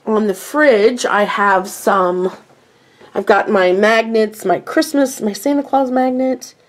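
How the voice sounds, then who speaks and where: A woman's voice: medium pitch, slow pace. An older woman chatting casually through a home tour of her kitchen, rambling and self-mocking.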